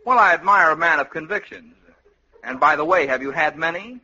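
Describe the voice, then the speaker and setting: Polite, dryly sarcastic male host; bright tone, lo-fi old radio comedy. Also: a little high, animated, fairly quick, slight background noise. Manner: polite, dry, faintly sarcastic. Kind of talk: 1950s radio comedy interview. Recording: dull lo-fi old radio recording.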